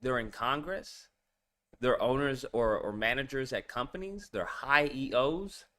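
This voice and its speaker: A man's voice: mid-range voice, expressive, unhurried, bright, forceful tone. A man hosting a reaction video, giving casual commentary and exclaiming in disbelief as he repeats himself.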